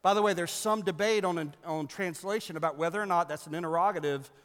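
A man delivering a sermon as a pastor, animated and joking with the congregation. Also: high-pitched, fast talker, in a large hall.

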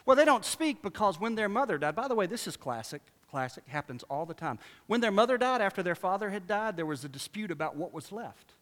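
High, bright-voiced man preaching in a reverberant church. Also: very animated, a little fast, hardly any pauses. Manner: impassioned, swings from quiet storytelling to loud preaching; sarcastic asides. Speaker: pastor. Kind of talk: sermon. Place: large church. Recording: long reverb of a big church hall.

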